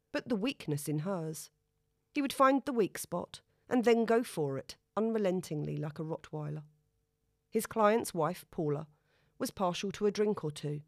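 A woman reading a story aloud in a steady, even narration. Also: fairly low pitch, no room sound, clean studio sound.

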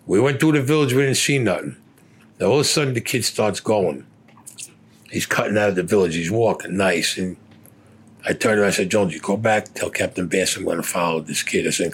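Husky older man telling war stories. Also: low voice, a little fast. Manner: blunt, profane storytelling. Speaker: war veteran interviewee.

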